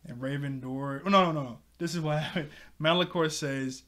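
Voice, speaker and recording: A man's voice: a little high, a little fast, few pauses, a bit bright. A man casually recapping a cartoon episode, rambling with many fillers and frequent laughs.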